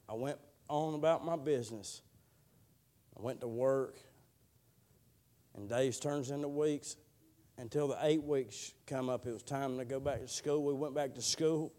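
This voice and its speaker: A man preaching a sermon, telling a slow, drawling testimony that builds into fervent prayer. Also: mid-range voice, a little mellow.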